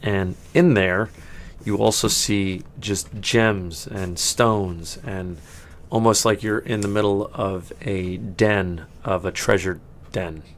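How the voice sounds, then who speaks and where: Deep-voiced and slow, this man narrates a tabletop game as its game master with fairly even intonation. Slight background noise sits under his rambling delivery, which is full of fillers, restarts, and frequent laughs.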